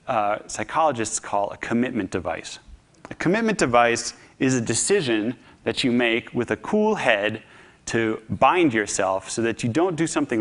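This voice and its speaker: A man giving a public talk, telling a story in an animated, humorous, conversational way. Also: mid-range voice. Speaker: speaker.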